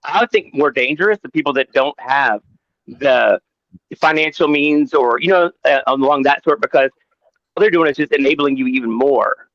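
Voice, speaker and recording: A man's voice: a little high, normal speed, a bit bright, no room sound, muffled recording. A man speaking candidly and a bit ramblingly in a casual podcast chat.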